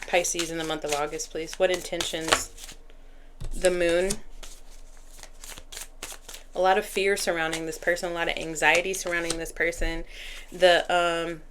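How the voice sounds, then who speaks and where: A woman's voice: on the low side, flat delivery, measured pace, pauses often, fairly bright tone, a little hiss or hum. A woman giving a casual tarot reading, talking to the cards and spirit as she shuffles. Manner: talks to cards and spirit while shuffling, chatty. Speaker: tarot reader.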